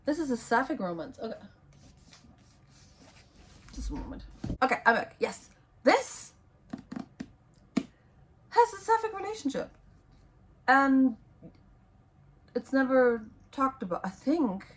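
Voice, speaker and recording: A woman's voice: a little high, expressive, measured pace, pauses often, slight background noise. Young woman rambling about books, lots of ums, kinda losing her voice. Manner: rambling, hesitant, many ums and self-corrections. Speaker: book vlogger. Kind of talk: casual book recommendation vlog.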